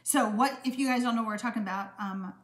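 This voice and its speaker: A woman's voice: on the high side, quick pace, fairly bright tone. A woman in her sixties hosting a live-stream craft demonstration, chatty and friendly, with lots of "um" fillers. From Texas, USA. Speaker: card-making host.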